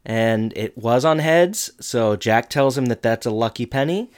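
A woman chatting casually on a podcast, recapping a TV episode and jumping her voice up high for quoted lines. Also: a little slow. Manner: lively, jumps pitch for quoted lines.

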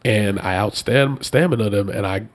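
A man with a stuffy, nasal cold voice, chatting casually and telling lively stories, acting out quotes and laughing at himself. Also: normal speed. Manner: animated storyteller, acts out quotes in high voices, self-mocking laughs. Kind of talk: casual chat.

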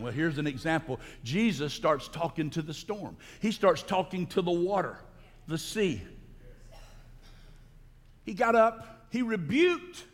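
A male pastor giving a sermon in a church sanctuary, preaching emphatically and breaking into loud, high outbursts. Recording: long hall reverb.

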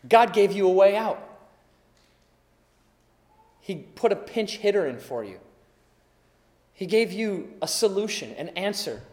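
A man preaching a sermon as a pastor, telling stories with animation and swinging from loud to hushed. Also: sits high, expressive, a little slow, long pauses. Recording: long reverb in a large hall.

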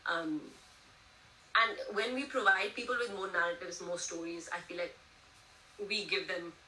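A woman's voice: lowish voice, fairly even intonation, normal speed, pushed and bright, slight background noise. A young woman in her twenties from India, speaking as an interview guest, telling stories animatedly and using many "you know"s. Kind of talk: casual conversational interview. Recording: echoey room, distant mic, faint ambience.

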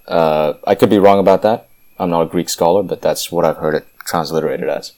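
A man with a very deep, low voice delivers fervent Bible commentary. He hammers his points home emphatically and often restarts his sentences. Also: a little fast, dark tone. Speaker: Christian commentator.

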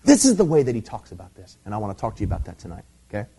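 A man's voice: on the low side, wildly swooping pitch, racing, creaky, warm tone, breathy edge. A middle-aged man preaching a sermon, teaching emphatically and checking in with "okay?" as he goes. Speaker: pastor.

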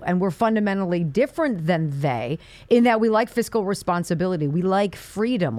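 A woman hosting a talk radio show, asking her guest blunt, opinionated questions in an animated way. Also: fairly low pitch, no echo.

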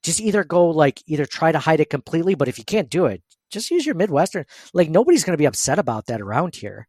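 A man's voice: fairly high pitch, very animated, fast, darkish tone, no echo, studio quality. A man hosting a casual sports podcast, rambling and laughing with lots of fillers, who calls his own voice annoying. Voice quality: says he has an annoying voice. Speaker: podcast host.

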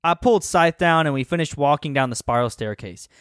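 Lively man narrating a story. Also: a little high, brisk, clear, resonant tone, dry recording, clean studio sound. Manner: animated, laughing, stumbles over names. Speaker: podcast co-host narrating a story. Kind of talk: comedic story reading.

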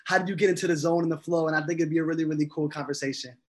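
Young man, podcast guest, eager and chatty, somewhat high voice. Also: fairly even intonation, rapid-fire. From Connecticut, US. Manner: enthusiastic, many filler words. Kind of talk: casual interview chat.

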